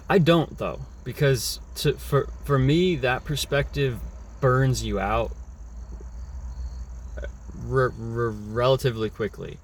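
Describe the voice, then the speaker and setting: A man's voice: medium pitch, slow, slight background noise. A young man talking through a casual, rambling reflective monologue, often restarting his words. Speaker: vlogger.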